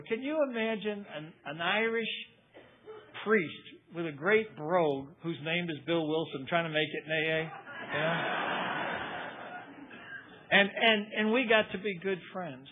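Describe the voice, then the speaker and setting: An older man tells his recovery story in a folksy, storytelling way, slipping into the voices of the people he quotes. His voice sits a little high. The sound is thin and phone-like, with a faint hiss behind it. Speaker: recovery speaker. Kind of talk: personal testimony talk. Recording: tinny phone-like recording.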